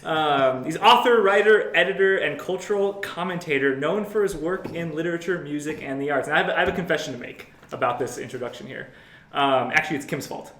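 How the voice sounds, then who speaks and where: A man's voice: a little high, a little fast, a bit bright, roomy sound. A man co-hosting a casual podcast, joking and laughing often while he reads an introduction aloud. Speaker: podcast co-host.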